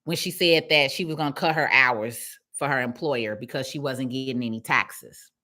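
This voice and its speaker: A woman's voice: rumbling low, normal speed, bright, forceful tone. A woman with a Chicago accent giving a casual, preachy pep talk on a live stream to her followers, repeating her points for emphasis. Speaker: small business owner speaking live to followers.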